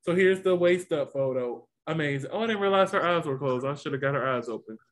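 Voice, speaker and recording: Guy with a kinda high voice chatting about a tv episode, lots of drama in how he tells it. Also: animated, fast. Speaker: co-host reviewing a TV show. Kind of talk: casual chat.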